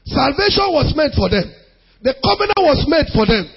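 A man's voice: extremely high pitch, very animated, normal speed, vocal fry, dull audio. A man preaching a sermon, reading scripture aloud and then questioning his listeners with rising emphasis.

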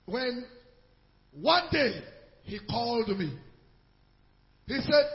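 A Nigerian man preaching in church, telling a story in a sermon and rising to shouts for emphasis. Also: very high voice, unhurried, long pauses. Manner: animated, rises to shouts for emphasis. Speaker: pastor. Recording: echoey hall, dull lo-fi sound.

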